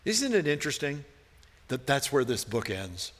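Bright-voiced man preaching in a reverberant hall. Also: mid-range voice, big pitch swings, moderate pace. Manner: earnest, rising to emphatic questions. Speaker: pastor. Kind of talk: sermon. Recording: long reverb of a large hall.

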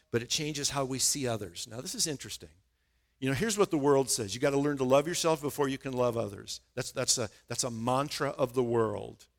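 A man's voice: mid-range voice, fairly bright tone. A middle-aged man preaching a sermon in a conversational way, often repeating words as he starts a thought. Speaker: pastor.

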